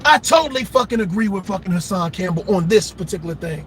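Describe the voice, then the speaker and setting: A man's voice: high voice, expressive, fast, hardly any pauses, a bit bright, slight background noise. A man hosting a reaction channel, delivering an impassioned, profane, preachy rant. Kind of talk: ranting commentary.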